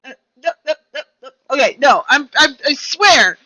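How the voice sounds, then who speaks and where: A woman's voice: high-pitched, expressive, moderate pace, bright, forceful tone. A young woman streamer chatting casually and rambling to herself while she plays a game. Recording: dull lo-fi recording.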